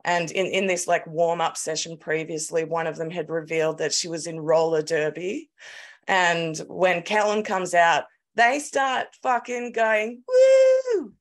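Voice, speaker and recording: An Australian woman co-hosting a podcast, telling a story in an animated, sweary, casual way. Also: fairly low pitch, a little slow. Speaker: podcast co-host. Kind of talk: casual chat.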